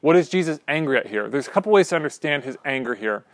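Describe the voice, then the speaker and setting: A man's voice: a little high, lively intonation, quick pace, dry recording. A man teaching an informal Bible study class to a small group, talking conversationally with frequent asides and checks like "right?". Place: small indoor room with a class.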